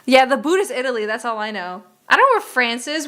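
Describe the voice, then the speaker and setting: A woman's voice: fairly high pitch, very animated, quick pace, fairly bright tone. A young woman streaming a geography game, chatting casually and muttering profanely in exasperation as she plays.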